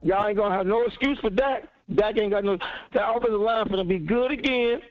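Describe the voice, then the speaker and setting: A man's voice: high voice, fairly quick, no echo. A man calling in to a sports talk show, insistent and fired up, repeating his points over and over. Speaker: caller. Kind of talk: heated call-in sports talk. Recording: dull lo-fi phone-in audio.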